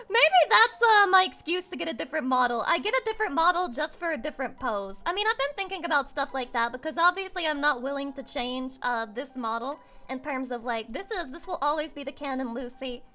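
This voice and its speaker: A woman livestreamer chatting casually with her viewers, excitable and swearing freely. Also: sits high, fast talker, hardly any pauses, soft background music. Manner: excitable and swearing, with squeals and laughs.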